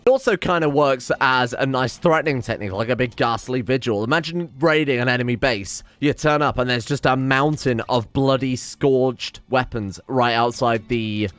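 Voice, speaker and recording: Guy doing a let's play, swears a lot, keeps reacting to the game, bit of faint music behind. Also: medium pitch. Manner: excitable, swears often, reacts aloud to the game. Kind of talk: casual gameplay commentary.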